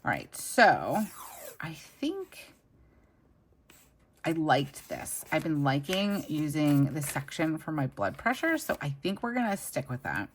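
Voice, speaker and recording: A woman's voice: sits low, wildly swooping pitch, slow, breathy edge. A woman with children chatting casually and enthusiastically as a planner vlogger while she decorates her planner. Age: adult with children. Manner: chatty, enthusiastic, many fillers.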